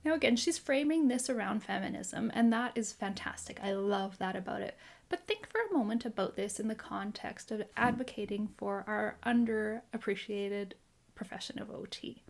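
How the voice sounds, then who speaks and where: A woman from Canada, an occupational therapist, giving an earnest, measured talk to camera in a gently encouraging way. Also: medium pitch, animated, creaky.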